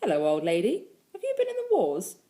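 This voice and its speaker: A woman reading aloud as a cheerful father gently teasing his little daughter. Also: mid-range voice, wildly swooping pitch, a little fast.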